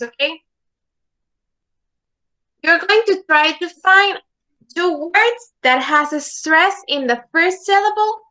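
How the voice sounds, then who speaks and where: Slow, bright-voiced woman teaching English. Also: high voice. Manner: slow, repeating words for students to echo; checks understanding with frequent "okay?". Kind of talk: online class instruction.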